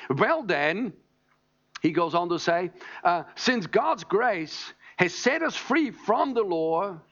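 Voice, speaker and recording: A high-pitched man delivers a sermon, teaching with emphasis and pausing to check in with his listeners. The recording sounds dull and muffled. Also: a bit bright. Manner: emphatic, teaching, asks "All right?" often. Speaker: preacher.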